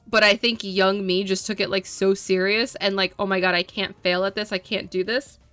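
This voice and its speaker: A woman's voice: mid-range voice, level tone, normal speed, fairly bright tone, clean tone, no echo, faint music behind. A young adult woman streamer chatting casually with viewers, rambling and repeating herself, filling with "like".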